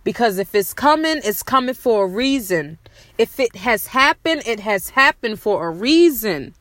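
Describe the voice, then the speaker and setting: A woman's voice: a little high, animated, fairly bright tone, dry recording. A woman hosting her own show, speaking heartfelt, repetitive affirmations outdoors at night, at times close to tears. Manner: slow, repetitive, soothing affirmations; emotional, tearful at times. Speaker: podcast host.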